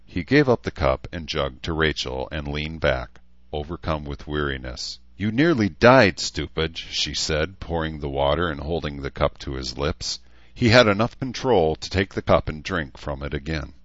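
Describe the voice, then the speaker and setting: A man reading an audiobook as narrator with steady, even storytelling. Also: very deep voice, moderate pace, no echo. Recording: dull lo-fi dry recording.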